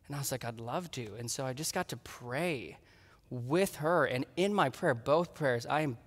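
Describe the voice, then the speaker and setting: A man preaching a sermon in a medium voice, recounting his week with animated, acted-out dialogue. The sound carries a long reverb from the church hall around him. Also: medium pitch, normal speed. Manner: animated storytelling, acting out his own dialogue. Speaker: pastor.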